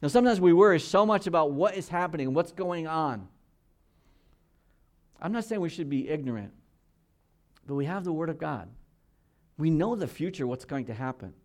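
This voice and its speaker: This sixty-something pastor speaks in a voice on the high side with lively intonation, a moderate pace, and long pauses. He delivers an earnest, conversational sermon, checking in with his listeners and alternating loud emphasis with quiet asides.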